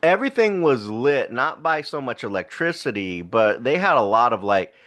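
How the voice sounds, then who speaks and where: A man co-hosts a casual podcast and retells a movie's plot at length. He rambles, backtracks and laughs as he talks, and his pitch jumps around a lot. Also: sing-song, moderate pace, fairly bright tone. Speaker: podcast co-host. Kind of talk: casual film review chat.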